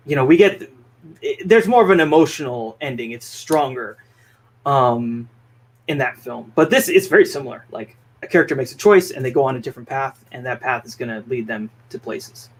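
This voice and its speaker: A man's voice: medium pitch, moderate pace. A man hosting a film podcast, talking through his thoughts in a thoughtful, hedging way. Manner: thoughtful, hedging, many fillers and restarts. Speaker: podcast host. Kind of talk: casual film review chat.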